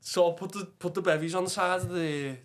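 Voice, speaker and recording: A man's voice: high voice, fairly even intonation, a little fast, crowd noise. A man with a Liverpool accent, a podcast guest telling stories in casual chat, swearing freely and calling everyone "lad". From Bootle, England. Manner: swears a lot, keeps saying "lad". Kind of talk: casual storytelling.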